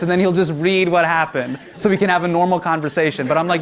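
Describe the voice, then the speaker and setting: A man's voice: fairly high pitch, fast talker, few pauses. A man hosting a comedy show, answering audience questions on stage with lots of laughter and acted-out quotes. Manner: animated, laughing, acts out quotes. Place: studio stage before a live audience. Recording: loud audience and background noise.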